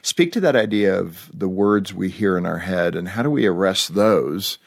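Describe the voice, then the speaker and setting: Man, low voice, very animated pitch, host asking questions, playful. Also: normal speed, creaky. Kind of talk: conversational interview.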